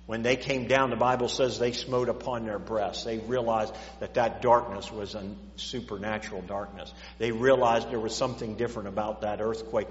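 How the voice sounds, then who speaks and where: A man preaching a sermon in a church, repeating words as he stammers and rising and falling in volume. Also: medium pitch. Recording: echoey dull church hall recording.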